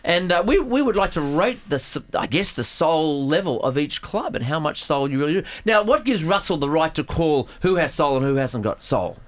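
An Australian man with a slightly high voice chats on sports radio. He hesitates with fillers and reads out quotes, then quickly chimes in with agreement. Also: big pitch swings. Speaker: radio co-host. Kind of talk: casual sports banter.

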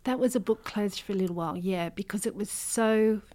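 An Australian woman in middle age tells a deeply personal story in an interview. She sounds earnest and hesitant, and often stops to restart her thoughts. Her voice sits at a middle pitch. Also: fairly quick, warm tone. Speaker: interview guest, memoir author.

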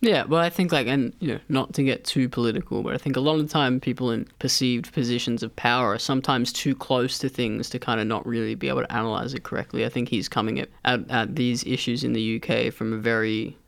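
A man's voice: mid-range voice, steady tone, fast, vocal fry, few pauses, no echo. A man co-hosting a radio music show, thinking aloud with many fillers. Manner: thoughtful, hedging with fillers. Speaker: radio co-host.

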